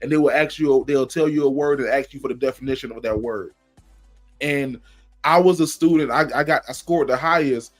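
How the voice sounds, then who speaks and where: A man co-hosting a comedy podcast, telling a school story in a profane, animated way. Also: mid-range voice, brisk, soft background music. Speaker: podcast co-host.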